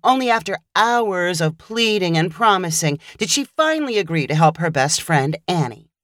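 A woman reads a scripted short story with wry, expressive storytelling. Her voice sits on the low side yet moves through a wide, lively pitch range. The sound is close and dry, with no room around it. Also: moderate pace, no room sound. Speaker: narrator.

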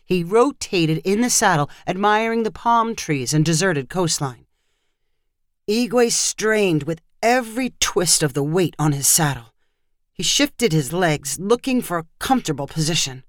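A narrator reading a short story aloud in a steady, measured way. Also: mid-range voice, dry recording, studio quality.

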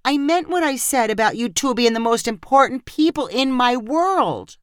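A woman's voice: on the high side, lively intonation, moderate pace, clear, resonant tone, no echo, studio quality, pitched above the performer's own voice, lightly acted. Lyrica, a guilty young friend, read by a woman. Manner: apologetic.

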